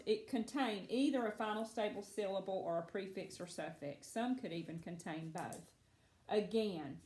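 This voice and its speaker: A woman teaching a phonics lesson to children, patient and encouraging, speaking slowly and clearly. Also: mid-range voice, darkish tone, roomy sound.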